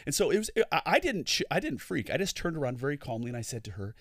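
A man co-hosting a ministry podcast, telling stories in an animated way with preacherly asides. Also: mid-range voice, fast, hardly any pauses, no echo, clean studio sound. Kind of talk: storytelling podcast chat.

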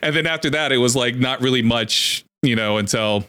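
A man co-hosting a casual gaming podcast, rambling and joking, quick to apologize when he cuts in. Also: medium pitch, pushed and bright, clean tone. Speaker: podcast co-host.

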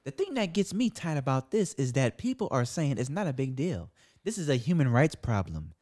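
A man's voice: mid-range voice, sing-song, a little fast, a little mellow. A man co-hosting a casual podcast, blunt and laughing often as he reads comments. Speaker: podcast co-host. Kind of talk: casual chat, reading listener comments.

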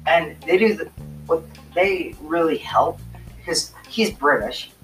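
A man's voice: on the high side, expressive, a little slow. A young man co-hosting a casual chat, giggly and rambling, recorded from a distance with faint guitar music behind. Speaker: co-host.

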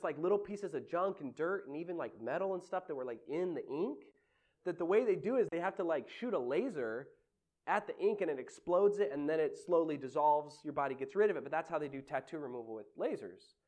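A male pastor giving a sermon in an animated, conversational way, laughing often. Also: high voice.

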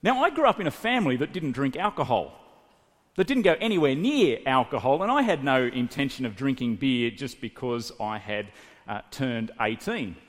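A man in his late thirties from New South Wales with an Australian accent, preaching a sermon as animated storytelling. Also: medium pitch, moderate pace. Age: late 30s. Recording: reverberant hall.

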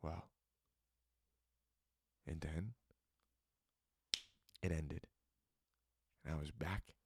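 Deep-voiced earnest young man podcasting. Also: steady tone, drawn-out words, darkish tone, a little hiss or hum. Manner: earnest and emotional, many fillers, jokes then turns reflective. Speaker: podcast host. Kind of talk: solo podcast testimony.

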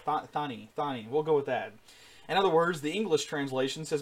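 An earnest male preacher teaching a sermon in a somewhat high voice. He builds to loud, emphatic peaks and often restarts his phrases with fillers. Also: normal speed.

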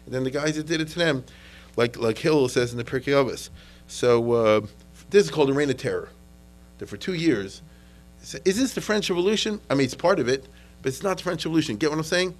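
This informal history lecture comes from an American man with a fairly high, expressive voice who moves at a brisk clip. He often restarts with repeated words and asks "okay?" or "you understand?" to make sure listeners follow. Audio quality is poor.

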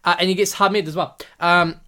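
Excitable, profane man recapping cricket. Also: high voice, brisk. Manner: excitable and profane, acts out players in mock voices. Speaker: podcast host.

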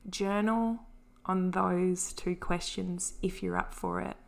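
A woman hosting a solo podcast, talking in a gentle, earnest and encouraging way. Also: lowish voice, sing-song, slow, vocal fry. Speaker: podcast host. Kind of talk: solo podcast talk on anxiety and self-care.

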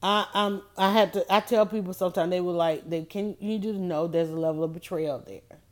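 A woman's voice: fairly low pitch, steady tone, a little fast. A woman hosting a casual motivational talk, emphatic and preachy, repeating her points. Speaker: host.

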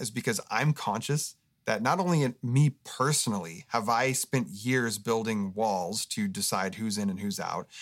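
A man's voice: mid-range voice, no echo, studio quality. A man as a guest pastor in a podcast interview, telling a story earnestly and with animation. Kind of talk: casual interview talk.

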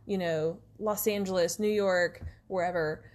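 A woman's voice: on the low side, steady tone, measured pace, darkish tone. Chatty woman co-host telling stories. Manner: rambling storyteller, many fillers. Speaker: podcast co-host. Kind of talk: casual chat.

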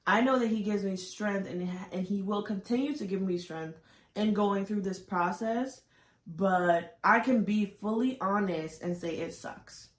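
A woman talks openly on a podcast, her voice tearful and searching, often restarting her thoughts. Her pitch sits in an ordinary middle range. The sound carries a noticeable roomy echo. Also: a little slow. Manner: open, searching, with frequent fillers and restarts. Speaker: podcast co-host. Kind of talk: candid emotional podcast talk.

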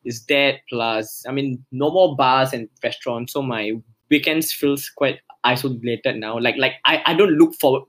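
A man's voice: medium pitch, normal speed, hardly any pauses, a bit bright. A young Singaporean man chatting casually on a podcast, rambling in a laid-back way.

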